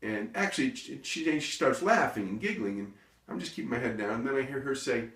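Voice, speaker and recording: A comedian rambling through a comic story with self-interruptions and deadpan asides. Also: male voice, medium pitch, a little fast. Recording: echoey room, distant mic.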